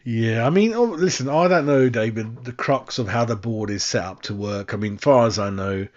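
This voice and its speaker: A man chats loosely through a fan live stream, drifting between thoughts and calling everyone mate. His voice sits at a middling pitch. The audio is a little dull and lo-fi. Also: moderate pace, darkish tone. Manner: chatty, rambling, says mate constantly. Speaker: fan channel host. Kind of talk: casual live-stream chat.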